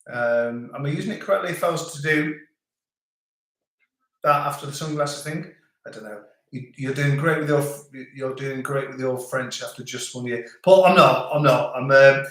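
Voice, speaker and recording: A man's voice: mid-range voice, a bit bright. Middle-aged British man, casual live-stream host, rambling and restarting, very roomy echo. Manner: rambling, with frequent restarts and filler. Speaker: channel host reading live chat. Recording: very echoey room.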